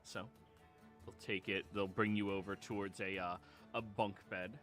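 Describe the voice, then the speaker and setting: A man running a tabletop game as game master, bright and forceful in tone. He talks casually, makes quick rulings and laughs often. Faint music plays underneath. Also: deep voice, level tone.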